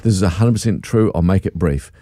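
A man's voice: sits low, fast talker, warm tone, dry recording, clean studio sound. A middle-aged man, a radio host telling a family story in casual chat, acting out voices and laughing often.

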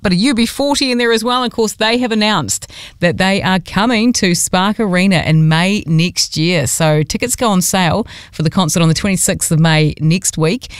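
A radio host talks in a bouncy, chatty way, with lively lifts in pitch. The voice sits at a middling pitch. It is recorded close and dry in a studio. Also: clear, resonant tone, no echo. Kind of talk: upbeat radio patter. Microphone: studio microphone.

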